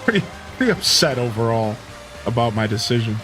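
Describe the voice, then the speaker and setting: A man livestreaming and chatting casually with his viewers, telling a rambling, animated story full of filler words. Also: mid-range voice, brisk, over music. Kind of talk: casual chat with stream viewers.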